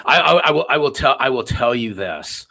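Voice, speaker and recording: A man's voice: medium pitch, lively intonation, a little fast, gravelly, pushed and bright. A man in his fifties, a sales author and podcaster, telling his story in an interview with emphatic, repeated phrases. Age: 50s.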